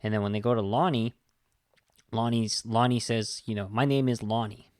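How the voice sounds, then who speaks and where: A podcast host talks casually and heatedly about a film, sounding exasperated, swearing, and frequently restarting. His voice is on the low side, steady and darkish at normal speed, in a dry, studio-quality recording.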